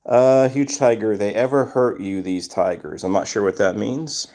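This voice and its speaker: A man's voice: fairly low pitch, moderate pace, mellow. A man hosting a casual livestream, greeting viewers by name and answering chat questions. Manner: reads chat names aloud and greets viewers. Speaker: livestream host.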